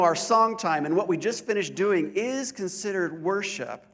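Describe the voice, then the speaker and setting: A male pastor preaching a sermon at a church service, deliberate and slowing down to stress key points. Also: sits high, fairly bright tone. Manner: deliberate, slows down for emphasis.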